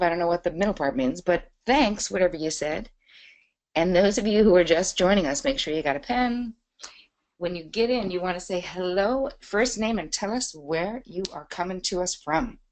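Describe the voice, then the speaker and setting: A middle-aged woman hosting a live online masterclass, chatty and bubbly as she greets viewers by name. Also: lowish voice. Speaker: webinar host. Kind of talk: live webinar chat.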